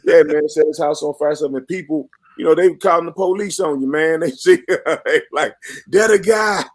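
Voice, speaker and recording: A middle-aged actor telling animated, laughing anecdotes in a casual chat. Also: male voice, a little high, brisk, no echo. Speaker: actor and guest.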